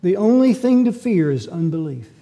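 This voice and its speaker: A man's voice: high-pitched, sing-song, moderate pace, dark tone. A man preaching a sermon as pastor, emphatic and full of rhetorical questions.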